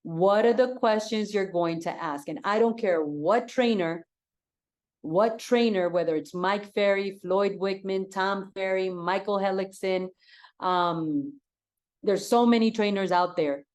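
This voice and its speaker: A woman's voice: medium pitch, unhurried, darkish tone. A woman real estate coach giving an enthusiastic, direct talk and repeating her key points for emphasis.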